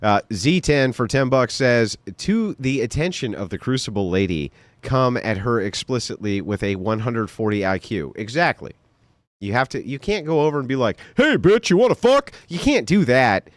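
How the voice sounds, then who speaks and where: A man's voice: mid-range voice, lively intonation, moderate pace, no room sound. Laughing, swearing livestream host guy. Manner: laughs a lot, swears, mocking. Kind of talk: casual livestream commentary.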